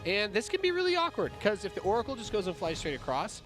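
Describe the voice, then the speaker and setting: A man's voice: high voice, huge pitch swings. A man casting a competitive video game match, joking with his co-caster between play-by-play calls. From United States. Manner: joking, quick banter. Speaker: esports caster. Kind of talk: play-by-play commentary. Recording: music playing behind.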